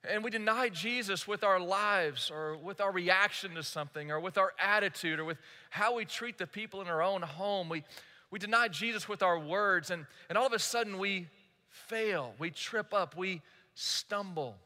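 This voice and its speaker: Speaking straight to his congregation, this pastor earnestly tells a story during his sermon in a church sanctuary. He talks at a normal speed with a high-pitched, pushed, bright voice, and the recording carries the echo of the church hall.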